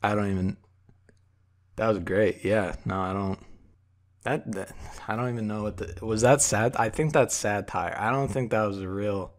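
A young man talking casually as a Minecraft YouTuber, relaxed and rambling, with frequent filler words over a time lapse. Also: on the low side, moderate pace.

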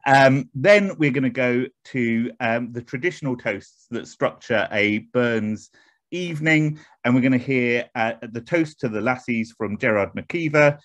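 A man's voice: mid-range voice, a little slow, a bit bright, no echo. A man with an English accent hosting an online academic evening, introducing speakers in a hesitant, self-deprecating way over a video call. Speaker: host of an online academic event. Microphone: computer mic on a video call.

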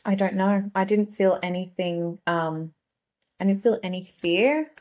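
A woman's voice: mid-range voice, unhurried, muffled recording. A young adult woman, a guest on a talk show, telling stories in casual chat with lots of "like" fillers. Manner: chatty, heavy use of "like" fillers. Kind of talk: casual conversational storytelling.

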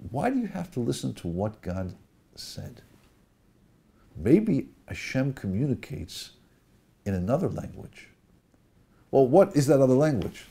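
Gravelly, animated man teaching scripture. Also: medium pitch, unhurried, pauses often. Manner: animated, explanatory, addresses audience directly. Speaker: rabbi. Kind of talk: sermon-style Torah lecture.

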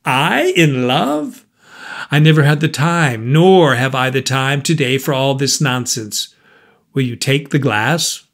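A man's voice: mid-range voice, expressive, takes it slowly, exaggerated voice. A man reading a storybook voices an old shop dealer with a dry, biting, impatient manner. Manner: sharp, impatient, chuckling.

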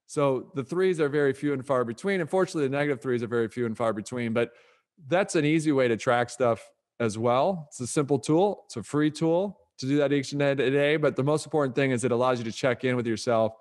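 Upbeat motivational man, author guest. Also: medium pitch. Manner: upbeat, motivational, brisk delivery. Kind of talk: podcast interview.

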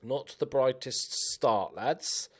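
A young man giving chatty, animated commentary while playing a game, cheering on his players. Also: medium pitch, slow pace, husky. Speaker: gaming YouTuber. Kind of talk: casual let's-play commentary.

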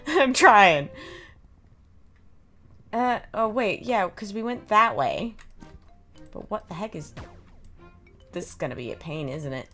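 A woman's voice: mid-range voice, lively intonation, measured pace, pauses often, bright, forceful tone, soft background music. A woman giving casual, chatty commentary while playing a video game, thinking aloud and laughing often. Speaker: gameplay streamer.

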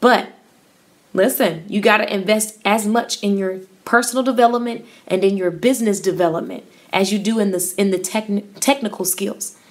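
A woman's voice: mid-range voice, fairly even intonation, normal speed. A woman in her thirties who coaches hair stylists, chatting casually on a live stream, reading viewer comments aloud with upbeat, effusive encouragement.

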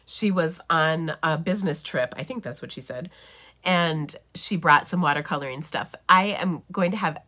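A woman's voice: sits low, normal speed, sharp tone. A middle-aged woman hosting a papercraft livestream, chatting casually and enthusiastically with lots of fillers, sounding a bit nasal from feeling unwell.

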